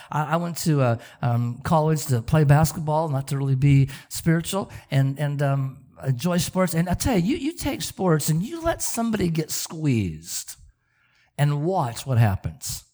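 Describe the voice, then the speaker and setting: A middle-aged man preaching a sermon as pastor, repeating words as he talks and asking the congregation rhetorical questions. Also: a little high. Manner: animated, stammering repetitions, rhetorical questions.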